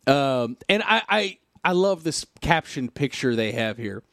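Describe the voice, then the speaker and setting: A man's voice: mid-range voice, big pitch swings, unhurried, fairly bright tone, no echo, studio quality. A man hosting a casual podcast, reading a news article aloud and breaking off for sarcastic remarks and sighs. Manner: sarcastic, wry asides and sighs.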